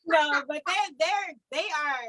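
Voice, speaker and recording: A woman's voice: high-pitched, slow, heavy background noise. A woman, a mother guest on a podcast, talking playfully and laughing often. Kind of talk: casual podcast interview.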